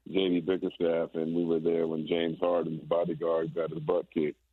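A man's voice: deep voice, moderate pace, breathy edge. A man, a former basketball player, chatting casually and telling stories with stammering restarts. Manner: relaxed storytelling, stammering restarts. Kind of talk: casual chat. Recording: tinny phone-like line.

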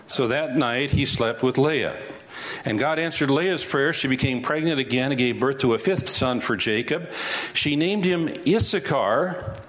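A man's voice: mid-range voice, unhurried, a bit bright. A man pastor teaching a Bible passage verse by verse in a conversational way, asking rhetorical questions.

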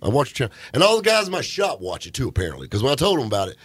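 A man hosting a car radio show in a studio, joking and bantering loudly with guests. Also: mid-range voice, rapid-fire, breathy edge, no room sound. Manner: joking, boisterous, lively banter. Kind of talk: casual studio radio chat.

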